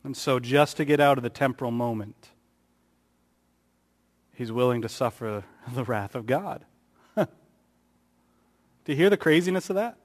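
A man preaches at a measured pace, pausing often. For emphasis he raises both pitch and volume, and he acts out the quotations he reads. The audio has a long reverb, like a large hall.

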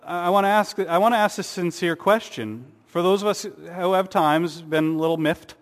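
This pastor's voice sits high, moving at a moderate pace with few pauses. He preaches an earnest sermon full of rhetorical questions and sarcastic asides, and the recording carries a long hall reverb.

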